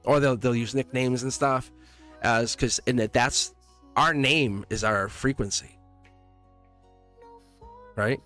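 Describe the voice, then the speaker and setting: A man with an average-pitched voice chats loosely through a live tarot reading. He laughs often and rambles, breaking off to quote himself. Faint music plays underneath. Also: slow pace, pauses often, a bit bright. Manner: chatty, laughs often, rambling self-interrupting stories. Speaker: tarot reader. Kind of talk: casual livestream chat. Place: home studio.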